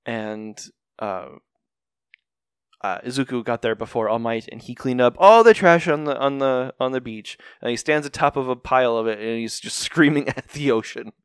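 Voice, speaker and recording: A man's voice: mid-range voice, moderate pace, clean tone, no room sound, studio quality. A man casually recapping an anime episode with a co-host, rambling and joking as he goes. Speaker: podcast co-host.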